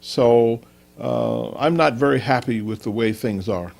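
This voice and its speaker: A man's voice: medium pitch, a little slow, vocal fry, a little mellow. A man voicing a stressed, irritable husband who complains defensively after a bad day at work. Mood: defensive, aggrieved.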